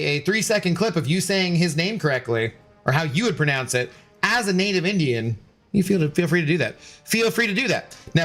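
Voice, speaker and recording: A man's voice: fairly high pitch, fairly bright tone. A man streaming a video game in a casual, rambling way, greeting viewers and reading their chat aloud. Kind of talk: casual live-stream commentary.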